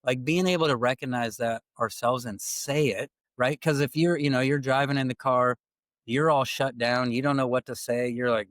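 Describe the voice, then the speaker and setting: Man, podcast host, casual storyteller, acts out quoted lines, medium pitch, dry close sound. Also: normal speed, no room sound. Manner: animated storytelling, acting out quoted dialogue. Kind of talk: casual conversational podcast talk.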